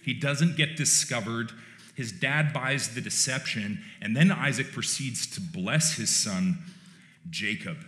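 A man's voice: mid-range voice, expressive, measured pace, fairly bright tone. Wry male pastor in an echoey church. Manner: conversational and wry, with joking asides. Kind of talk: sermon. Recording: roomy church echo.

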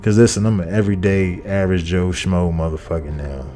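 Male podcast host, low dark voice, swears constantly and rambles, faint music behind. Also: brisk. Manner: profane, rambling, repeats phrases. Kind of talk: casual comedic monologue.

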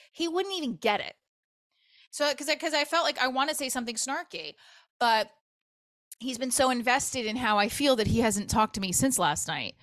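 A woman's voice: fairly high pitch, animated, a little fast, fairly bright tone, no room sound. A middle-aged woman hosting her own comedy podcast, venting in a candid, profane, exasperated storytelling manner.

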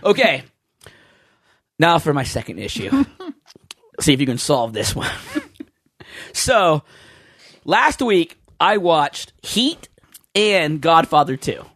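A man hosting a podcast, chatting in a loose, joking way and swearing freely. His voice sits high and leaps around a lot as he tells animated stories. The sound is close and dry. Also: slow, long pauses, dry recording. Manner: animated storyteller, laughs often, slips into impressions. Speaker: podcast host. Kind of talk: casual podcast banter.

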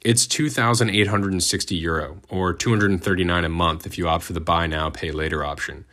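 A man's voice: sits low, fairly even intonation, brisk, sharp tone. A young man, the host, reading a scripted narration with wry, sardonic asides. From United States.

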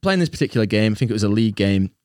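A man's voice: on the low side, animated, very fast, a little mellow, dry recording, clean studio sound. A young man telling a self-mocking story to friends, laughing often as he talks. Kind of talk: casual storytelling among friends.

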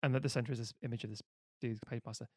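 Male co-host, late 30s, mid-pitched, chatty and profane, self-mocking, dry close sound. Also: fairly even intonation, rapid-fire, no echo. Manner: rambling and profane, with self-deprecating jokes. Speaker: podcast co-host. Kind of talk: casual chat.

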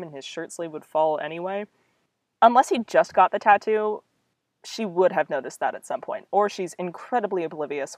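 Reading aloud from a story she wrote long ago, a young woman interrupts herself with casual, self-deprecating asides. Her pitch is fairly low, and there's no room sound at all.

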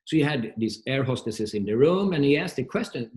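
Middle-aged coach from Sweden, Swedish accent, casual warm storyteller with frequent restarts. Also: male voice, mid-range voice, expressive, a little fast. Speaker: guest, performance coach.

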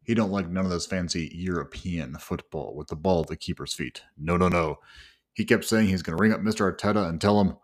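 Low-voiced guy from england telling his own story, wry, self-deprecating. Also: fairly quick. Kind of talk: first-person storytelling read.

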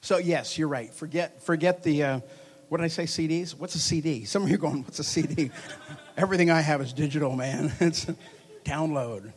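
In a church hall, a preacher with a slightly higher-than-typical male voice delivers a charismatic, fairly quick sermon. Animated and joking, he teases the congregation and swings from quiet asides to loud, emphatic bursts.

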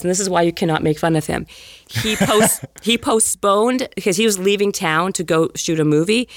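A woman guest on a podcast, telling a story with lots of "like" and acting out the people in it in higher voices. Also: dry recording, studio quality. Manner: lively storyteller, heavy use of "like". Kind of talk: animated anecdote in podcast interview.

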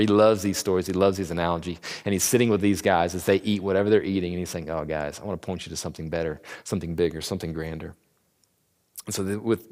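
Casual male Bible teacher with a lowish voice, chatty, plays out quotes in voices; echoey church hall. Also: darkish tone. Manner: conversational, acts out quotes in slangy voices. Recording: long reverb of a large room.

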